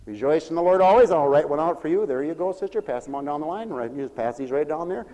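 A male preacher giving a sermon, moving from quiet asides to fervent, drawn-out shouted proclamations. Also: a little high, lively intonation. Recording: long reverb of a large hall.

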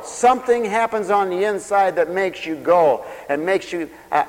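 A man's voice: sits high, moderate pace, few pauses, in a large hall, rough recording. A man preaching a sermon in a folksy, sarcastic way, mocking others by imitating their voices.

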